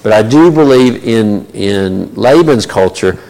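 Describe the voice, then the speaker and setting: A man's voice: on the low side, expressive, unhurried, mellow. A man teaching a Bible study in a conversational way, with many fillers and asides. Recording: long reverb of a large hall.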